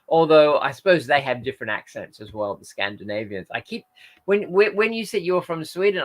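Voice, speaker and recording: A tired man with a slightly high, somewhat bright voice hosts a casual livestream chat. He reads out viewer comments and rambles hesitantly, filling gaps with fillers and correcting himself often.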